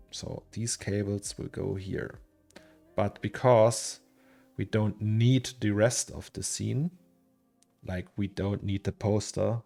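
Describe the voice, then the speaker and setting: A man's voice: on the low side, creaky, a little mellow. A young man, casually chatting to viewers and musing aloud to himself as he streams his 3D work from a home office. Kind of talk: casual live-stream chat while working. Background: faint lo-fi music.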